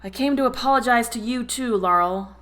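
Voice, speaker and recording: A man's voice: extremely high pitch, very animated, unhurried, bright, forceful tone, pitched above the performer's own voice, heavily acted. Woman doing a shy young man, apologetic, solemn, hesitant, storybook reading. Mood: pleading.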